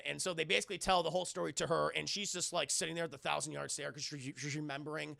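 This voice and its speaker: A man hosting a live stream, retelling a film scene by scene in an animated, rambling way. His voice is high, bright and very gravelly. He swears freely and keeps calling out to his chat. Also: fast, dry recording, clean studio sound. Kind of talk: casual live-stream recap.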